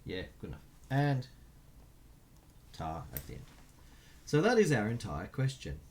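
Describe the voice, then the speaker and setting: A man's voice: medium pitch, huge pitch swings, measured pace, darkish tone. A man teaching a recorded music lesson, counting beats aloud and chanting rhythm syllables while writing notes.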